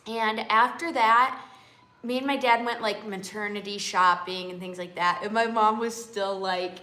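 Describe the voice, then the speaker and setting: At a measured pace, a woman with a mid-range, pushed and bright voice and fairly even intonation tells a personal story on her livestream. She chats easily, repeatedly checking in with her audience through "okay?" and "you guys." The room sounds echoey.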